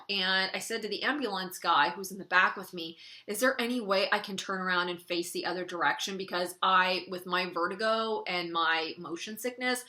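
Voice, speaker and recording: A young woman speaks into her camera in an easy, confiding story-time style, her voice bright and crisp. She talks loosely and keeps slipping "like" into her sentences. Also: lowish voice. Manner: chatty, frequent "like", wry laughs between lines. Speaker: beauty vlogger telling a personal story. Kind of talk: casual story-time monologue.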